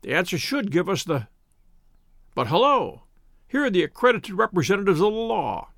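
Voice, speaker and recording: A man voicing a sharp-witted detective in an audiobook, speaking quietly, dryly and precisely. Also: high voice, very animated, normal speed, vocal fry, no echo, studio quality, full character voice. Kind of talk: audiobook character voice.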